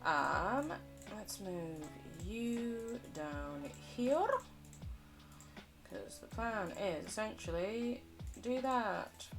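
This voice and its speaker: A woman's voice: mid-range voice, gravelly. A woman streaming a game, chatting in a rambling, self-mocking way, laughing often and swearing casually. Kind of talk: casual live-stream chatter while playing.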